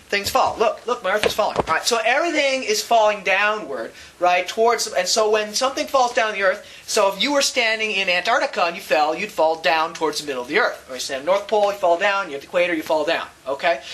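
A man's voice: high-pitched, pushed and bright. A man teaching a science lesson with props, playful and enthusiastic, adding little sound effects as he explains.

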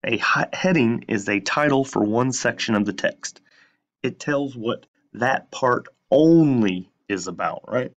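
A male teacher giving a recorded lesson, who asks questions and then answers them himself with slow emphasis. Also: mid-range voice, muffled recording.

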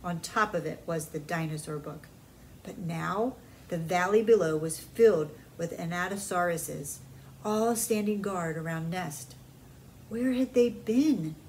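A children's librarian reading a storybook aloud to kids in a friendly, casual way. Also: female voice, on the low side, a little slow, slight background noise, poor audio.

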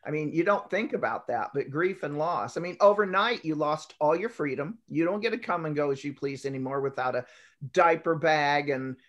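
A woman's voice: low voice, normal speed, dull audio. A woman nurse on a talk show, explaining in an earnest, list-like way. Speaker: guest nurse. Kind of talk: conversational expert talk.

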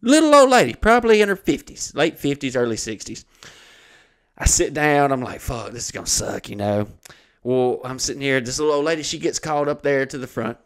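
A comedian hosting a comedy podcast tells a long story in a clean, medium-pitched voice, talking fairly quickly. He swears freely and acts out the other people in the tale, keeping the storytelling profane and animated.

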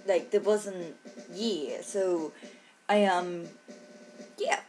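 A woman's voice: lowish voice, extremely slow, a little mellow. A woman doing casual let's-play commentary, rambling and giggly, with lots of fillers and casual swearing.

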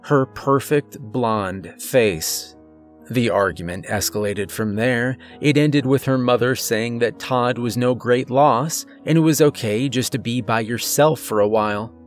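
Male narrator, mid-pitched, measured horror storytelling with faint music underneath.

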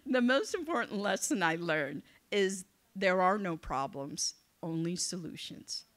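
A woman giving a motivational speech to young people, telling a story in an animated, conversational way and acting out the dialogue. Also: on the low side, unhurried. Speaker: keynote speaker. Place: event venue.

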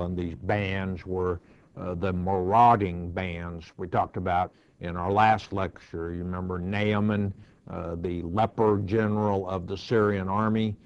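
An older man, a pastor, teaching verse by verse from the Bible, reading scripture aloud and then explaining it in an unhurried way with frequent fillers. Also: low voice, fairly even intonation, smooth. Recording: dull lo-fi recording.

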